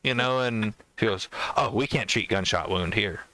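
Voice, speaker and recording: A man's voice: lowish voice, moderate pace, a crowd in the background. A man co-hosting a podcast, telling a long story in a rambling way, with lots of fillers and acted-out quotes. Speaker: podcast co-host. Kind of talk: casual storytelling chat.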